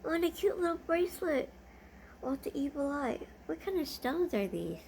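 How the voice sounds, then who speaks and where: A woman's voice: high voice, big pitch swings, moderate pace, a little mellow, a little hiss or hum. A woman vlogger chatting casually as she unboxes gifts, gushing and easily delighted.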